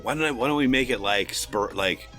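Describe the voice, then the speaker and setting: A man's voice: medium pitch, a little fast, bright, forceful tone, soft background music. A man co-hosting a comedy podcast, bantering and laughing casually with his friend. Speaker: podcast co-host. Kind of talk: casual chat.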